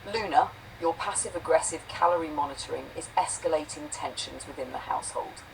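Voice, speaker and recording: Synth lady doing tiny robot therapist guy, stiff n clinical, gravelly low voice, faint hiss. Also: fairly quick, far from the mic, rough recording. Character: tiny pompous insecure male robot therapist.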